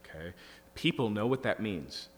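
A pastor explaining scripture line by line, building to emphatic bursts. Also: male voice, on the low side, expressive, moderate pace. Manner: teaching, rising to emphatic bursts. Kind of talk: expository sermon. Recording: reverberant hall with faint hum.

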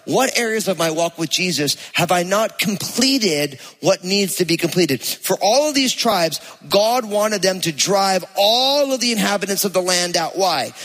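A man with a New Jersey accent preaches in a lively, conversational way, reading scripture to his congregation. His voice sits a little high and comes across bright and forceful. Long reverb from the church hall trails behind his words. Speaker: pastor.

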